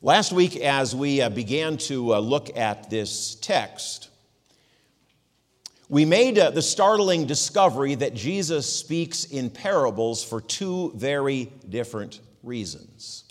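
A male pastor preaching a sermon and reading scripture aloud, with a measured delivery and occasional fillers. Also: mid-range voice, expressive, long reverb tail.

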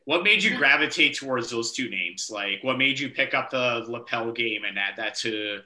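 A man's voice: medium pitch, moderate pace, bright, forceful tone, a little hiss or hum. A male podcast host asking long, rambling questions packed with 'like'. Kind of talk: casual interview talk.

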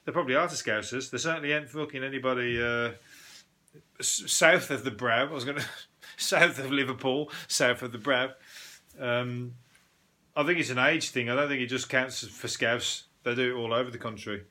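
At home with no video, a man hosts a solo podcast, running through odd news stories in a mocking, sweary style and laughing at his own jokes. His voice is medium-pitched with a sharp tone.

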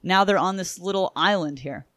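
A woman's voice: on the low side, normal speed, no echo. A woman hosting a casual chat, retelling a comic's story with lots of swearing and acted-out lines. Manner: animated, swears freely, acts out characters' lines. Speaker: podcast host reviewing a comic.

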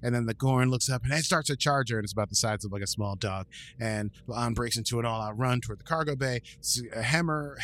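A man co-hosting a podcast, recapping an episode casually and acting out the characters' lines in quick voices. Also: medium pitch. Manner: animated, acts out quotes in voices.

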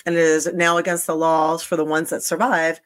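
Low-pitched woman host, casual chat, lots of ums and restarts. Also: little pitch movement, fairly quick. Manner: hesitant, many fillers and restarts. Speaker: talk show host.

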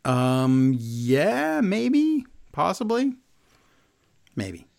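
A man's voice: a little high, drawn-out words, vocal fry. A man co-hosting a casual chat, recapping events and acting out quotes with playful voices. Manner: animated, acts out quotes in voices. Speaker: podcast co-host recapping wrestling.

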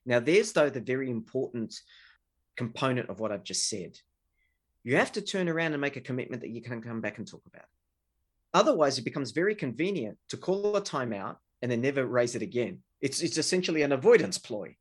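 A middle-aged relationship researcher explains couple conflict earnestly in an interview, using examples. His medium-pitched voice is very animated, slightly rough and a little fast.

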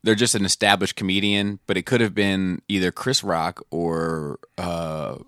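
A man with a lowish, bright, forceful voice rambles through a casual chat, swearing and starting over mid-sentence. The sound is dry and close, with no room around it. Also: fairly even intonation, a little slow, no room sound. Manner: rambling, swears freely, restarts often.

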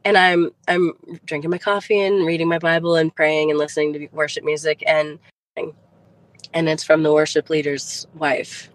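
A woman's voice: low-pitched, flat delivery, normal speed, poor audio. A middle-aged woman, a podcast guest, telling a heartfelt personal faith story and retelling conversations along the way.

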